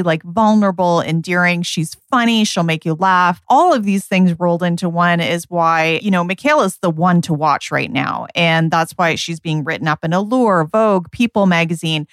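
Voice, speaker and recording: A woman's voice: on the low side, no echo, studio quality. A woman co-hosting a beauty podcast, talking in an upbeat, gushing, casual way. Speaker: podcast co-host.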